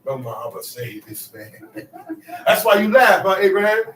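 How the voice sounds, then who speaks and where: A man's voice: sits high, very animated, moderate pace, a bit bright. A man teaching a Bible study to a small group, emphatic and acting out quotes as he calls on his listeners. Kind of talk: preaching scripture study. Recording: echoey room, distant mic, faint noise.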